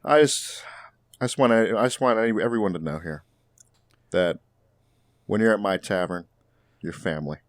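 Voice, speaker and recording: A man's voice: fairly low pitch, normal speed, long pauses, no echo, studio quality, close to an everyday voice. A man playing a friendly new tavern owner in an easygoing, earnest way. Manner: easygoing, earnest, hesitant fillers.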